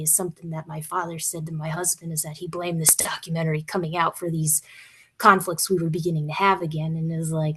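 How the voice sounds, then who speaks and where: A woman's voice: on the low side, fairly even intonation, a little fast, a bit bright, breathy edge. A young woman guest speaking candidly and emotionally in an interview, with some swearing.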